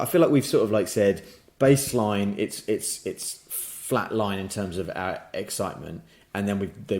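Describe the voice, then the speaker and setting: A man co-hosting a casual podcast chat, playful and repeating himself often. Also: lowish voice. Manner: playful, animated, many repeated words. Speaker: podcast co-host. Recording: roomy echo.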